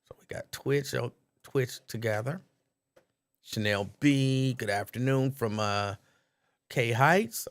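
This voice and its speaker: A man's voice: a little high, vocal fry, fairly bright tone. A man hosting a live call-in stream, chatting casually, reading out viewers' names and laughing easily.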